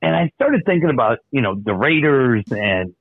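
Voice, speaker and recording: A man's voice: mid-range voice, sing-song, moderate pace, no echo. Man, radio host, casual banter, tinny phone-like sound, dry. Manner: storytelling, easygoing with filler "uh". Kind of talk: casual radio chat, telling jokes.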